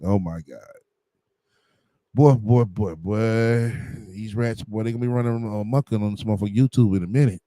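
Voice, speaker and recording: A man runs a livestream commentary, blunt and combative, with plenty of profanity and slang fillers. His voice sits low with a warm, dark tone, recorded dry with no room around it. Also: normal speed, no room sound. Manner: blunt, combative, heavy on slang and "you know what I'm saying".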